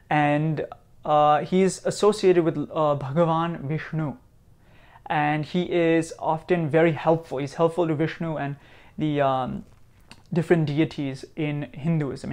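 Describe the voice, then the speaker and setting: A man from India teaching Sanskrit sounds, repeating each sound slowly and patiently. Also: a little high, a little mellow. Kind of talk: slow teaching, pronouncing sounds aloud.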